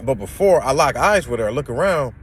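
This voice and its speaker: A young man tells a personal story in a relaxed, casual way and slips into the voices of the people he met. His voice sits at an average pitch, and faint traffic noise hums in the background. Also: brisk. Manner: animated, acts out voices in the story.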